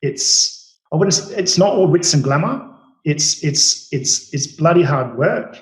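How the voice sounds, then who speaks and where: A man's voice: fairly high pitch, animated, unhurried. A man in his late forties with an Australian accent, telling stories about his cooking career with many fillers and restarts. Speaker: chef guest. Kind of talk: storytelling interview. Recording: roomy echo.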